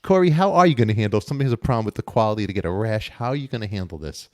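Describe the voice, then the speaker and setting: Male talk show host, teasing and animated, lively pitch, dry close sound. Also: rapid-fire, no echo. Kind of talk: live talk show banter.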